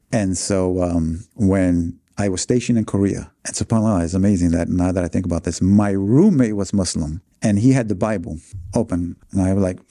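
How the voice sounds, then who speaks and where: A man's voice: low voice, dark tone, no echo, clean studio sound. A man, earnestly telling his life story as an interview guest, full of fillers and restarts. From New York City, USA.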